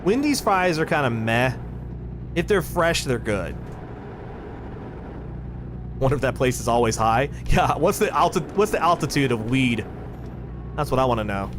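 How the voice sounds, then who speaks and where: A man's voice: mid-range voice, expressive, normal speed, long pauses, background noise. A man chatting casually on a live stream while playing a game, rambling, thinking aloud and swearing freely. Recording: clear music playing behind.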